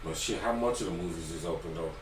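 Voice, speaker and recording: Low-voiced man heard from across an echoey room. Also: fast, far from the mic, background noise. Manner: relaxed, street-slangy. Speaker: podcast guest. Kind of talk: casual podcast chat. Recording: echoey, away from the mic.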